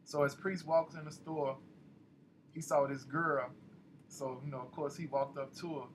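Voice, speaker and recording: A man narrating an audiobook in a loose, casual, slangy way, his voice sitting a bit high for a man. There is a faint hum behind him. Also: steady tone, moderate pace, low-quality recording.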